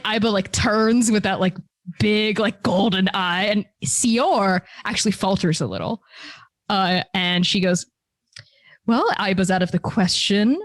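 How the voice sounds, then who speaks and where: A woman's voice: medium pitch, lively intonation, a little slow, dry recording, studio quality. A woman narrating a tabletop game as game master, casual, with fillers and laughs.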